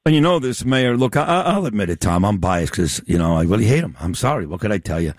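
Emphatic talk radio host with swooping pitch. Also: male voice, very animated, quick pace, dry recording, clean studio sound. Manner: emphatic, sweeping pitch swings, teasing. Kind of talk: opinionated talk radio interview.

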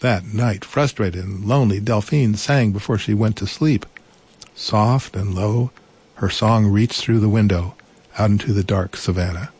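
A man reading a children's storybook aloud in a gentle, unhurried way, adding small asides. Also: lowish voice, slightly rough.

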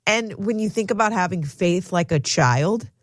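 A woman's voice: mid-range voice, animated, normal speed, no room sound, clean studio sound. A woman in her thirties co-hosting a morning radio show in casual chat, laughing often. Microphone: studio microphone.

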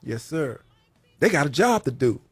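Man, preacher, sermon, gravelly, lively swings, dry close sound. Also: medium pitch, moderate pace, no echo, faint music behind. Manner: Southern-style preaching, folksy, repeats phrases, rising and falling emphasis. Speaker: preacher, former prisoner.

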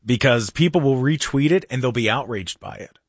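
A man hosting a casual political talk radio show in a studio, animated and mocking, with jokey asides. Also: medium pitch, fairly quick, no room sound.

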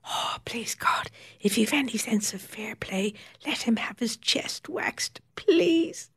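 A woman's voice: medium pitch, expressive, measured pace. A woman voicing a beautician in her fifties who speaks in a tart, sweetly cutting way. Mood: whispered pleading.

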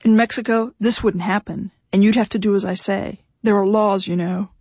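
A woman's voice: mid-range voice, steady tone, moderate pace, darkish tone, breathy edge, no echo. A woman voicing a desperate, pushy husband who pleads and insists, his voice cracking, in an audiobook reading. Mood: insistent. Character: desperate, pushy, tearful husband, grown man.

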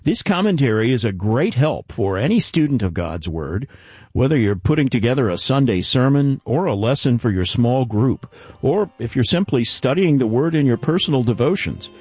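Lively-voiced male radio host. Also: medium pitch, moderate pace, husky, dry recording. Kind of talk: radio broadcast announcing and interview.

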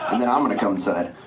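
A man's voice: mid-range voice, heavy background noise. A man in his twenties doing stand-up, telling self-mocking stories. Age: 20s. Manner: lively, self-mocking storytelling. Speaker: stand-up comedian. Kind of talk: stand-up comedy set. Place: comedy club stage. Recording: roomy, distant club recording. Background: audience laughter.

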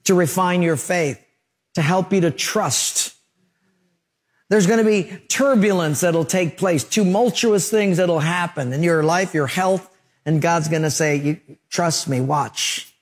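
A man preaches in a somewhat high voice. He is an earnest pastor who carries his radio sermon through vivid stories. He leans on repetition to drive home each point. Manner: earnest, storytelling, emphatic repetition.

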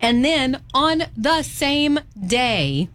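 A woman's voice: sits high, big pitch swings, extremely slow, a bit bright. A woman co-hosting a radio show, telling news stories in casual chat. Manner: chatty storyteller. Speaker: radio co-host.

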